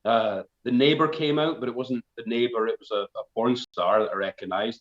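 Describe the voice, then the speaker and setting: A man's voice: medium pitch, brisk, fairly bright tone. A man, a folk band member on a live stream, telling a long story in a rambling, self-mocking way. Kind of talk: casual storytelling. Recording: roomy, slightly dull live-stream audio.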